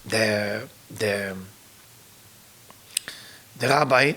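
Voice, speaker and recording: A male spiritual teacher telling a story in broken English, his voice gravelly and husky. His pitch rises and falls a lot, with a bright edge. He sounds emotional and earnest. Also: very animated, normal speed, long pauses. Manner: emotional storyteller, non-native grammar. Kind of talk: storytelling sermon.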